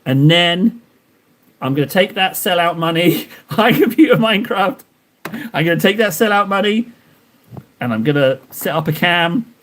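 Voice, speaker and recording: A man's voice: on the high side, expressive, moderate pace, a bit bright. A young man chatting casually to his live-stream viewers while he paints miniatures, rambling and poking fun at himself. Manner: rambling, self-mocking, talks to chat while painting.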